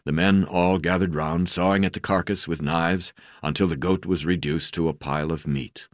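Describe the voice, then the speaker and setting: A man's voice: deep voice, steady tone, normal speed, no room sound, studio quality. A man narrating a memoir in the first person, hesitant, with frequent filler sounds and restarts.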